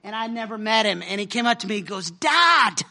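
A middle-aged man preaches in a loose, animated way, laughing and dropping casual slang as he talks through slides. His voice sits very high and sounds strikingly bright. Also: fast, vocal fry. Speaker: speaker sharing a mission trip story. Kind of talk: informal sermon with slides.

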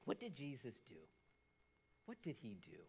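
A middle-aged man, a pastor, preaching a sermon, animated and swinging from loud bursts to hushed lows. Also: moderate pace, vocal fry, a little hiss or hum.

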